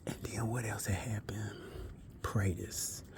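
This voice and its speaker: Speaking slowly in a fairly low, level voice, a man wanders through a lengthy personal anecdote with chatty asides and self-corrections. At times he lowers to a hush. The background is noisy.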